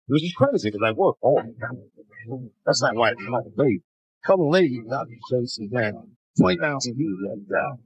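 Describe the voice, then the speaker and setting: A man in his fifties doing a stand-up comedy routine, telling stories in an animated, punchy way. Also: medium pitch, moderate pace, breathy edge, lo-fi sound. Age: 50s.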